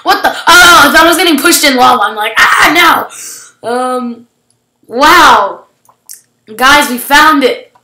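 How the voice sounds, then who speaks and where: A woman hosting casual gameplay commentary, excitable, shrieking and gasping at surprises. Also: sits high, measured pace, roomy sound, slight background noise, rough recording. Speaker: gaming channel host.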